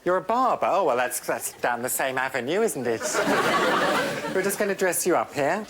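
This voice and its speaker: A man's voice: on the high side, very animated, normal speed. A man performing to a studio audience, camp and arch, dropping saucy innuendo as he banters. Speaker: sitcom lead playing to a studio audience. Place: TV studio set before a live audience. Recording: TV studio with loud audience laughter and hiss.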